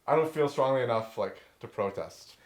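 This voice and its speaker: A man's voice: mid-range voice, lively intonation, moderate pace. A man telling a comic dream story at a live poetry night, rambling with lots of fillers and laughing as he goes. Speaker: open mic storyteller.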